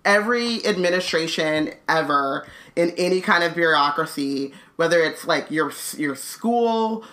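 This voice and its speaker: A woman's voice: sits low, expressive, measured pace, fairly bright tone. A woman co-hosting a podcast, reading a book aloud and breaking off to chat casually. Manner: chatty, many "like" fillers, laughs often.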